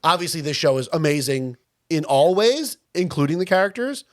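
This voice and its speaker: Young New guy, podcast co-host, lively pitch, chatty, filler-heavy. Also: fairly quick. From Long Island, New York. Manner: animated, chatty, with many fillers. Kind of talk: casual chat.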